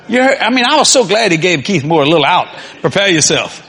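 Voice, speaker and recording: High-voiced, lively preacher. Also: male voice, quick pace, hardly any pauses, background noise. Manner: animated storytelling, acts out quotes, laughs often. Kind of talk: sermon. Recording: long reverb in a large hall.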